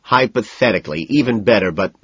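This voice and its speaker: Brash scornful young banker voiced by a man, emphatic, lively pitch, husky, dry close sound. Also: fast, no room sound, dull audio.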